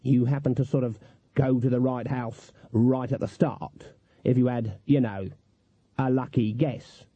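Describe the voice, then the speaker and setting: A man playing a stern, shrewd old witch who speaks bluntly and drily, stating things flat. The voice is dark and husky, and the storybook recording is dry and slightly muffled. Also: mid-range voice, a little slow, no room sound. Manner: dry, blunt, matter-of-fact.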